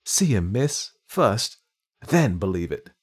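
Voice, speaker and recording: A man's voice: fairly low pitch, sing-song, slow, husky, heavily acted. Man putting on a tearful, simple old housekeeper woman. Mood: distressed pleading. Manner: tearful, earnest, simple speech. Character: older humble housekeeper woman, soft-hearted.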